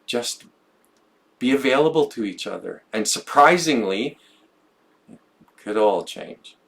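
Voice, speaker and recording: A man's voice: medium pitch, animated, unhurried, vocal fry, fairly bright tone. A man talking reflectively on a podcast, thinking aloud and often repeating words as he goes. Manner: musing, stumbles and repeats words. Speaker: podcast co-host. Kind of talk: reflective conversational podcast talk.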